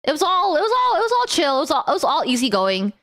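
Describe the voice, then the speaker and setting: Giggly high-voiced woman streamer. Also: fast talker. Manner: giggly, animated, laughs often. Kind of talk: casual live-stream chat.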